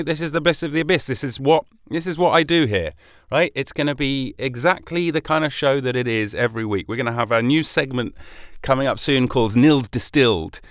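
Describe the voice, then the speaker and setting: A man's voice: mid-range voice, fairly bright tone, dry recording, clean studio sound. Chatty British man hosting a podcast. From Britain. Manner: chatty, rambling, self-deprecating with swearing. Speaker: podcast host. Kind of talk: solo podcast monologue.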